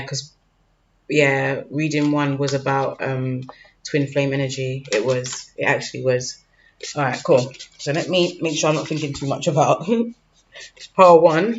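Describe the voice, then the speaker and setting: A man with a slightly high voice gives a loose, chatty tarot reading. He keeps checking in with a quick "okay?" and tosses in casual slang. The recording is dull and lo-fi, with faint noise behind him. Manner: informal, peppered with "okay?" and "like", loose slangy phrasing. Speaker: tarot reader.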